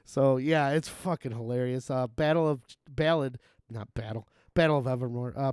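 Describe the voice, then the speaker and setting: A man's voice: mid-range voice, darkish tone, smooth, no room sound, studio quality. A man streaming a game, chatting casually in a rambling, profane way and chuckling often. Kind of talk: casual gaming-stream chat.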